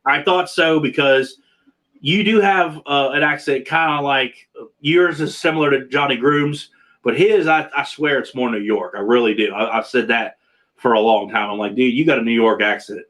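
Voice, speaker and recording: A man's voice: medium pitch, steady tone, normal speed, a bit bright. A man hosting a casual video-call chat, rambling and restarting his sentences often. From Pennsylvania. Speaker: podcast host.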